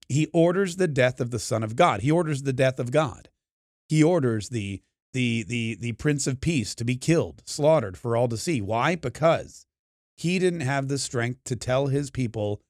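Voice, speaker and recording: A man's voice: medium pitch, dry recording, clean studio sound. A man giving an emphatic, opinionated monologue, acting out the voices of the people in the story he tells. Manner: emphatic, acts out quoted crowds. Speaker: podcast host.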